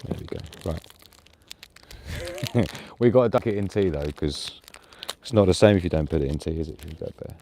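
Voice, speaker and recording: Man, low voice, mellow tone, relaxed outdoor live chat, faint ambience. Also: moderate pace, long pauses, slight background noise. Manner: chatty, laughs often, coos at his dog. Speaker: prepper vlogger. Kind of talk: casual live-stream chat. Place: night woods outdoors.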